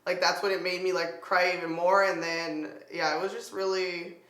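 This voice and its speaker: A woman's voice: fairly low pitch, level tone, moderate pace, fairly bright tone. A young woman vlogger telling her engagement story, chatty and giggly, full of "like". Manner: chatty, says "like" a lot, giggly. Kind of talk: casual storytelling chat. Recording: echoey room.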